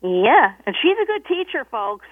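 A woman's voice: on the high side, very animated, moderate pace, breathy edge, no echo. A woman calling a radio show who agrees easily and stammers a little. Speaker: caller. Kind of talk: casual call-in chat. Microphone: telephone. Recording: tinny phone line, dry.

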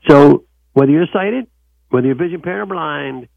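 A man's voice: a little high, normal speed, creaky, dry recording, phone-quality sound. A male radio talk show host who urges listeners to call in and repeats the phone number.

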